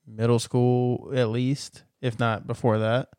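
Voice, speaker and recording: Male co-host, smooth clear voice, laid-back unhurried chat, close dry mic. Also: medium pitch, level tone, a little mellow, no room sound. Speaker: podcast co-host. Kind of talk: casual chat.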